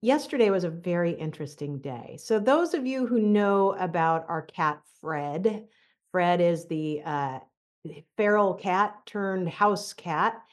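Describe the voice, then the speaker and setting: A woman's voice: on the low side, slow. Chatty middle-aged woman career coach. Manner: animated, chatty storyteller with casual fillers. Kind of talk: motivational talk with a personal story.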